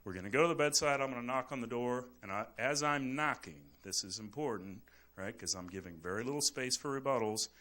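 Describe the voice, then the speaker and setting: A middle-aged man, a physician, giving a lively live lecture with a demonstration and acting out little scenes as jokes. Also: medium pitch, a little fast. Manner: animated, jokey, acts out little scenes. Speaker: physician teaching at grand rounds. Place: hospital lecture hall. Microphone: moves on and off the microphone.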